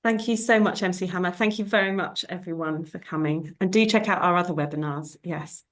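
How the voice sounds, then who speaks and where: A woman hosting an online webinar on a video call, polite and soft-spoken. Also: on the low side, fairly quick. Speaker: webinar host.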